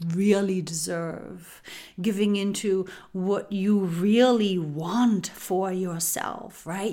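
Slow, soft-spoken woman giving spiritual guidance. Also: mid-range voice. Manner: soft and unhurried, drops into whispers for emphasis; repetitive, incantatory phrasing. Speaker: spiritual podcast host.

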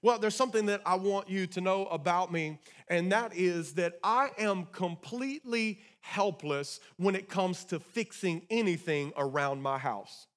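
A man with a notably high voice delivers a church sermon as pastor. He preaches emphatically, circling back to repeat key phrases, and calls out to the congregation for responses. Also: measured pace, few pauses.

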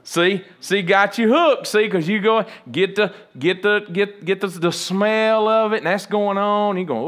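A male pastor preaches in a loose, conversational style, joking with the congregation and acting out small everyday scenes. His voice is a little high for a man and a bit bright, with a measured pace and few pauses.

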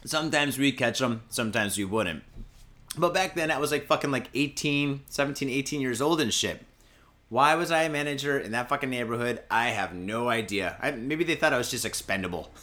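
A man hosting a podcast, telling a story in a loose, profane way, swearing constantly and shouting out quoted lines. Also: mid-range voice, brisk. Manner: profane, peppers speech with "and shit" and "fucking". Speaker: podcast host.

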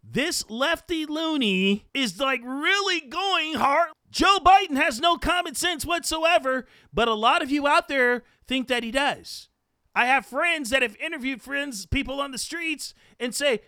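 A man hosts a podcast in an indignant, mocking political rant. His voice sits very high for a man and leaps around expressively. The sound is bright and dry, with no room around it. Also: expressive, measured pace, dry recording. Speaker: podcast host.

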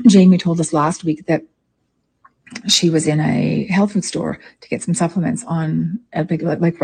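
A woman's voice: fairly low pitch, gravelly, darkish tone, breathy edge. A woman in heated casual chat, indignant, retelling a story in a rush. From Canada. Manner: indignant, retells stories breathlessly.

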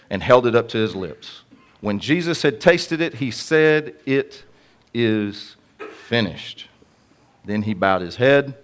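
A man's voice: medium pitch, fairly bright tone. Casual man preaching. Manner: conversational, jokey preaching to a congregation. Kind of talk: sermon.

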